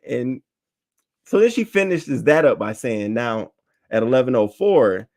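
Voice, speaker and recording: A man giving casual, slangy news commentary to his chat, animated and reading tweets aloud. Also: medium pitch, a little slow. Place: home setup, talking to chat.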